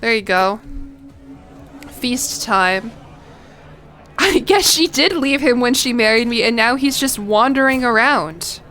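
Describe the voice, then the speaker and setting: A woman's voice: on the high side, lively intonation, slow pace, pauses often, pushed and bright, a little hiss or hum. A woman streaming a strategy game, chatting casually, reacting, laughing and swearing as she plays. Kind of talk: casual gameplay commentary.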